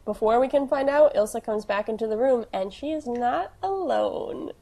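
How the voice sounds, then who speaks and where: A woman's voice: on the high side, expressive, moderate pace, gravelly, dark tone. A woman co-hosting a podcast, recapping an episode in casual chat, teasing and laughing often. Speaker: podcast co-host.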